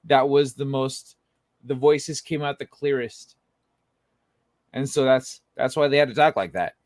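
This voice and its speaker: A man's voice: medium pitch, fairly even intonation, unhurried, a little mellow, dry recording. A young man co-hosting a casual chat, laid-back and joking while he explains things.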